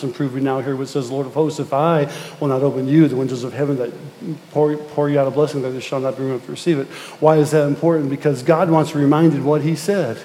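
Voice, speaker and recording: A middle-aged pastor preaches in a church, his fairly high voice carrying a long hall reverb. He tells stories and then presses his point with emphatic repetition. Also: a little mellow. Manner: storytelling, repeats words, builds to emphatic rising exhortation. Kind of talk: sermon. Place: church sanctuary.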